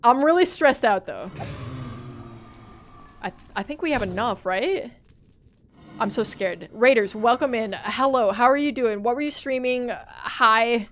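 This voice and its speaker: A young woman streaming a game live, talking to her chat in a panicky, excitable way. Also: fairly high pitch, measured pace, pauses often, faint music behind. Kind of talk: live gameplay commentary.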